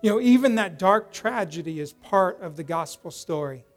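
Animated high-voiced male preacher. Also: normal speed, faint music behind. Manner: animated storyteller, acts out quoted voices loudly, drops to soft prayerful tone. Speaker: pastor. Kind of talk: sermon with storytelling.

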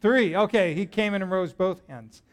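A middle-aged man preaching a sermon to a congregation in a church, lively and joking as he talks to them directly. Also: sits high, normal speed. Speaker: pastor.

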